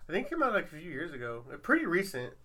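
A man's voice: on the high side, wildly swooping pitch, very fast, fairly bright tone. A man hosting a podcast, telling a long rambling story in casual chat with lots of fillers. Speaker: podcast host.

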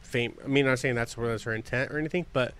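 A man's voice: medium pitch, steady tone, rapid-fire, a bit bright, a little hiss or hum. A man hosting a podcast in loose casual chat, rambling with many fillers and swearing freely. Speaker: podcast host.

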